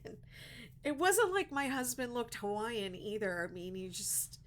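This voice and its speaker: A woman's voice: a little high, big pitch swings, measured pace. A middle-aged woman with a Pittsburgh accent, hosting a casual crochet livestream, chatty and rambling and laughing at her own jokes. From Pittsburgh, USA.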